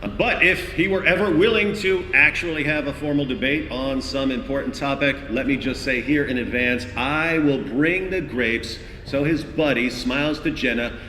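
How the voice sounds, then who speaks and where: A man's voice: medium pitch, pushed and bright, echoey room, in a large hall, slight background noise. A man answering a question bluntly, dismissive and sarcastic.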